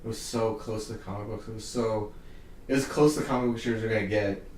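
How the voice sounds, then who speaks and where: A man's voice: fairly low pitch, steady tone, fast talker, a little mellow, distant mic. A young man hosting a casual podcast chat, ranting heatedly and with lots of swearing. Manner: heated, profane ranting with laughs. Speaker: podcast host. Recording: roomy echo, off-mic, faint hiss.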